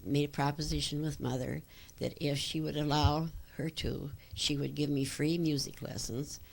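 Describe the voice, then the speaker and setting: An older woman reminisces in an oral history interview, her voice very low and gravelly. She rambles through memories with fillers and restarts, and a faint hiss sits under the recording. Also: flat delivery, normal speed.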